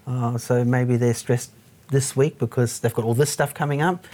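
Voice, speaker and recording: A man's voice: mid-range voice, fairly even intonation, normal speed, a little mellow. A man hosting a casual interview, chatty and agreeable, with plenty of fillers. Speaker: podcast host.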